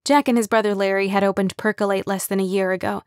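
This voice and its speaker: A woman narrating an audiobook in an even, wry storytelling voice. Her pitch sits mid-range for a woman. The recording is dry and close, with no room sound. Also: fast talker, no echo. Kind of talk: scripted narration.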